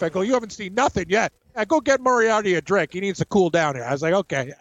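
A man co-hosts a sports betting show, trading blunt opinions and quick agreement. His voice is high and the recording is dry and close. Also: dry recording. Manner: blunt, quick short reactions. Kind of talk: casual sports betting chat.

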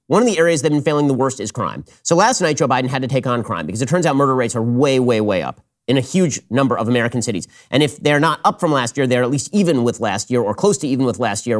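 A man hosting a political commentary show, talking in a sarcastic, mocking, rapid-fire way. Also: mid-range voice. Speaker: host.

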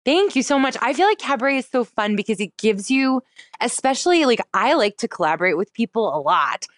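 A woman's voice: very animated, fairly quick, no room sound, clean studio sound. A woman in her thirties, a comedian and cabaret performer, talking casually as an interview guest, full of "like" and acted-out quotes. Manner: chatty, many "like" fillers, acts out quotes in a higher voice.

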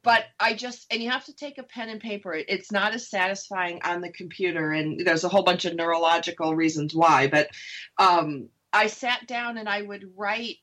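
A woman's voice: lowish voice, normal speed, fairly bright tone. A middle-aged woman on a radio talk show, chatting candidly about her own experience, laughing easily and acting out her own thoughts. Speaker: radio show host sharing her divorce recovery. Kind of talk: casual radio interview.

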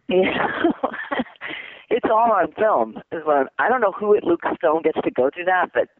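An excitable man with a lively, bouncing delivery chats as an interview guest, laughing often and tossing in "dude" at every turn. His voice sits a little high for a man. It comes through a tinny, phone-like line that sounds dry and close. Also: a little slow, no room sound. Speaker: voice actor guest. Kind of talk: casual interview chat.

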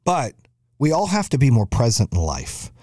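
A man's voice: mid-range voice, wildly swooping pitch, normal speed, dark tone, no echo, clean studio sound. A middle-aged man hosting his own podcast, ranting bluntly and profanely in a driven, motivational way. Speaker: podcast host. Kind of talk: solo podcast monologue.

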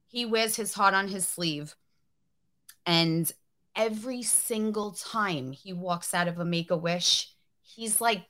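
A woman co-hosts a casual podcast and speaks from the heart in a soft, emotional way. She talks very slowly with a lowish pitch. Her voice has a bright, tense edge. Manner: heartfelt, soft-spoken, gets choked up. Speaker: podcast co-host. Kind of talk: casual chat.

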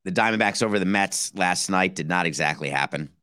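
A man's voice: sits low, brisk, pushed and bright, dry recording, studio quality. A man hosting a solo sports podcast, talking animatedly and rhetorically, acting out imagined phone calls between executives. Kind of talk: casual solo sports commentary.

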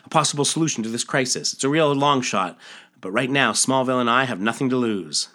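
An earnest young superhero, as a man puts him on, rattling off dramatic declarations at speed. The voice sits a little above his own and sounds bright. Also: medium pitch, fairly quick, close to an everyday voice.

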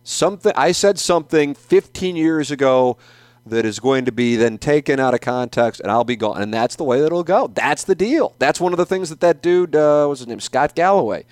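Middle-aged man, podcast host. Fairly high voice that swings widely in pitch. Profane, emphatic rant delivery. Dry, close mic. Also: normal speed, no echo. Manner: profane, animated, repeats himself for emphasis. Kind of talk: opinionated casual rant.

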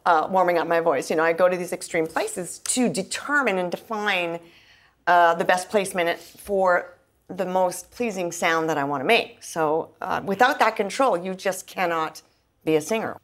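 A woman's voice: on the low side, moderate pace. A middle-aged singer-songwriter being interviewed, talking earnestly and at length, with many fillers and restarts as she explains. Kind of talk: candid conversational interview.

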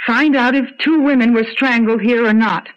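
A young actress in a radio drama playing an aspiring stage actress, emotional and quick to tears and laughter. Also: female voice, fairly high pitch, close to an everyday voice. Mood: earnest. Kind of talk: 1970s radio drama acting. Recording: dull lo-fi radio broadcast.

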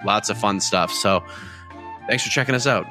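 A man's voice: fairly low pitch, normal speed, bright, forceful tone, soft background music. A man hosting a casual post-fight podcast, talking in a chatty, rambling way with many restarts. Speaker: host.

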